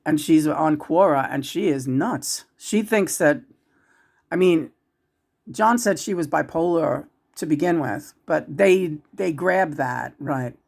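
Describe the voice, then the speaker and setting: Speaking casually about spirits as a psychic channeler, a woman with a low, slow voice and vocal fry rambles and restarts often. Her volume swings between loud and hushed.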